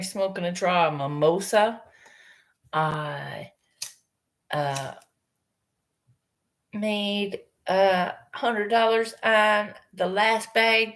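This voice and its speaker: Woman streamer, casual rambling chat, unhurried, salty language, frequent laughter. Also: mid-range voice, a bit bright. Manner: rambling, swears a lot, laughs often. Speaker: livestream host chatting with viewers.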